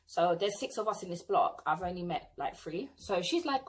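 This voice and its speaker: A woman's voice: fairly low pitch, expressive, moderate pace, hardly any pauses. A young British woman with a sassy, indignant manner, telling a storytime vlog. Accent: British English. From England. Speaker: vlogger.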